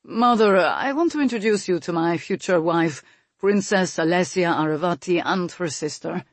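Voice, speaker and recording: A woman's voice: lowish voice, expressive, normal speed, no room sound. A woman voicing a guarded young nobleman who speaks earnestly, in an audiobook reading.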